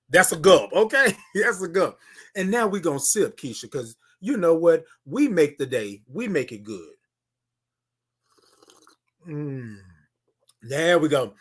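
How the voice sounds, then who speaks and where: High-voiced man hosting a morning livestream. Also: big pitch swings, slightly rough. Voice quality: drawn-out sung greetings. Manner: greets viewers by name, repeats phrases, calls out to chat. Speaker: livestream host. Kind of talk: casual livestream chat. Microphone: phone camera.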